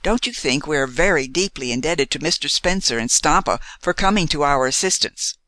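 A man voicing a frank, cheerful young woman climber in a storybook reading, lifting his voice to speak brightly and gaily. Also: fairly high pitch, fairly quick, no echo. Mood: lively, frank. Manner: bright and lively.

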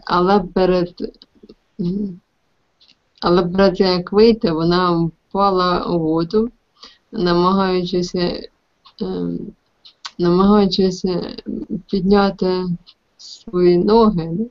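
A woman student translating a story aloud in an online class, hesitant and full of pauses and fillers. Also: fairly low pitch, level tone. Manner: hesitant, many fillers and restarts. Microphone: video call. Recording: dull lo-fi online call audio.

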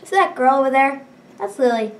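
A scheming mean girl, as a woman puts her on, sugary and bossy, pitched fairly high. The voice is picked up from a little way off the mic. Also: animated, fairly quick, far from the mic.

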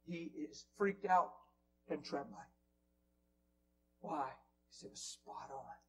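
A man preaching in a church, telling a story with animated swings from loud bursts to near whispers. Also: a little high, slow pace, background noise. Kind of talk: storytelling sermon. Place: church hall.

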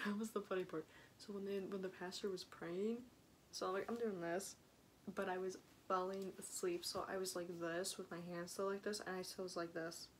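A woman's voice: fairly low pitch, level tone, normal speed, slight background noise, poor audio. A young woman rambling in a casual video diary, often dropping into a whisper. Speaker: vlogger.

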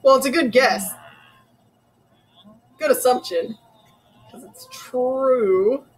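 A woman hosting an anime reaction video, talking casually and reacting with gasps, laughs and quick emotional outbursts. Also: high voice, slight background noise. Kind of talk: casual live reaction commentary.

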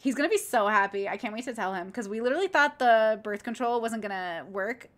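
Woman streamer, bit higher voice, gushing and cursing freely in loose casual chat. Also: brisk. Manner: excitable, profane, rambling. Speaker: streamer reacting to video clips.

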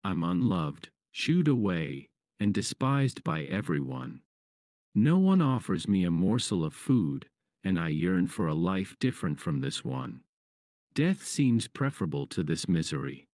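A man's voice: low voice, sing-song, a little slow, darkish tone, dry recording, clean studio sound. A man voicing a sorrowful, pleading male raven in a fable.

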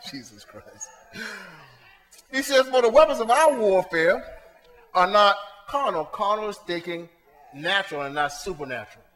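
A male pastor preaching a sermon to his congregation, swinging between soft asides and shouted points, talking to them in a casual, colloquial way. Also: high voice, expressive, moderate pace, long pauses, in a large hall. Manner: colloquial, talks straight to the congregation. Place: church sanctuary.

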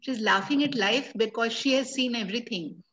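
A woman's voice: fairly high pitch, moderate pace, fairly bright tone, highs cut off. A woman in a book club discussion, earnestly building her points step by step.

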